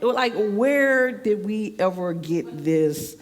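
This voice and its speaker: Woman elder, relaxed chatty sermon delivery, laughs easily; long church-hall reverb. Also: on the low side, moderate pace. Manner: chatty, fills speech with "like", laughs often. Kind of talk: conversational sermon. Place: church sanctuary.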